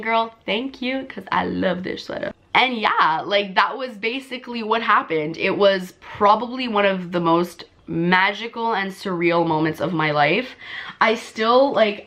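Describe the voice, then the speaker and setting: A young woman vlogger telling a story in casual, filler-heavy chat, her voice jumping high when she relives excitement. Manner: chatty, full of "like" and "um" fillers.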